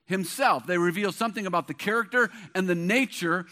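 Middle-aged pastor guy preaching, high bright voice, keeps hammering the same phrases. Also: a little fast. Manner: emphatic, repetitive preaching cadence. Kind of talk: sermon.

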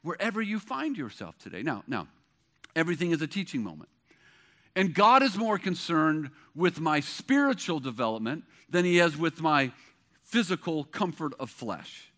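A man's voice: on the high side, big pitch swings, moderate pace, fairly bright tone. A middle-aged man preaching a sermon as pastor, with an emphatic, repetitive cadence.

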